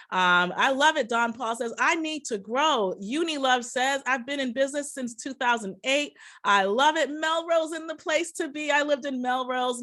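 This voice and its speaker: A woman's voice: fairly high pitch, sharp tone. Upbeat woman leading an online workshop. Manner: upbeat, hyped, singing and cheering at times. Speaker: workshop presenter and business coach. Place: her office.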